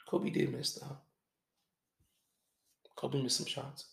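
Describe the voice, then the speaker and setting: A man hosting a podcast, talking in a halting, reflective, casual way with some swearing. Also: mid-range voice, creaky. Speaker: podcast host. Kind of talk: confessional podcast monologue. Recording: echoey room.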